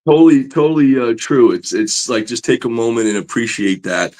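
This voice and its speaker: A man's voice: mid-range voice, fairly quick. Enthusiastic man telling stories. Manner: enthusiastic, animated, many fillers. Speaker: guest, comic book artist. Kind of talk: casual interview storytelling.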